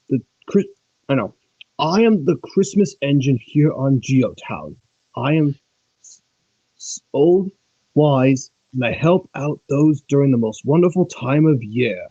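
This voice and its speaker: A kindly old Christmas steam engine, as a man puts him on, speaking gently like a storybook character. The voice is dark and husky. The recording sounds dull and lo-fi. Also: a little high, animated, slow pace, dry recording, heavily acted. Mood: proud.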